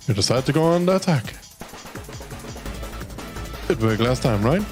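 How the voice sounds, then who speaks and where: A man's voice: mid-range voice, expressive, moderate pace, long pauses, over music. A man from Denmark streaming a game, reading its text aloud and commenting casually, swearing freely.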